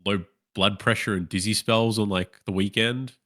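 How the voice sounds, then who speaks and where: Deep, monotone co-host. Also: male voice, normal speed. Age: 30s. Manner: monotone, deadpan. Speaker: podcast co-host. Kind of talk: casual chat.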